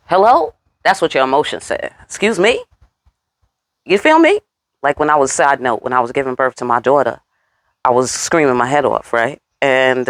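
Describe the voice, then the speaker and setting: A woman giving a casual tarot reading. She talks straight to the viewer with a lot of attitude and cursing, and jumps up in pitch on her rhetorical questions. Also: no echo. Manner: sassy, talks straight to viewers, curses freely. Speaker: tarot reader.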